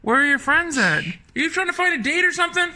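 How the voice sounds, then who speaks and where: A man talking casually outdoors on his home deck, exasperated and full of mock-tough bravado, often shouting. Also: extremely high pitch, animated, fast, a little hiss or hum. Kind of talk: casual talk to a bird.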